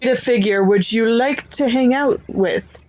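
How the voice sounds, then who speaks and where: A woman co-hosting a casual podcast, chiming in with quick, animated remarks and questions. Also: on the high side, no echo, highs cut off. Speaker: podcast co-host.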